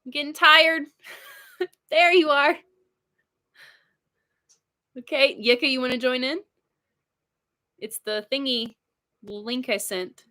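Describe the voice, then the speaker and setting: A woman's voice: sits high, takes it slowly, pauses often, sharp tone. A tired woman hosting a casual livestream at home, rambling, laughing often and swearing casually as she talks. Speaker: livestream host.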